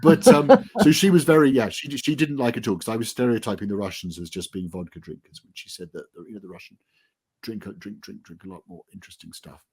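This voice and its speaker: A man's voice: lowish voice, quick pace, darkish tone, slightly rough. A man being interviewed as an author, chatting casually in a self-deprecating, rambling way. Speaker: author guest.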